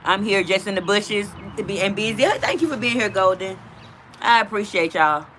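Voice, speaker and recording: A woman's voice: mid-range voice, moderate pace, a bit bright, slight background noise. A woman hosting a casual livestream from outdoors, chatting directly with her viewers. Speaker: livestream host.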